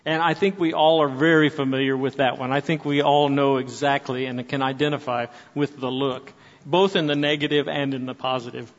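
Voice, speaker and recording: A man's voice: mid-range voice, fairly even intonation, brisk. A man in his sixties speaking to an audience, telling stories with frequent restarts. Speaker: speaker at a church gathering. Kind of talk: preaching-style talk to an audience. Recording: dull sound with long hall reverb.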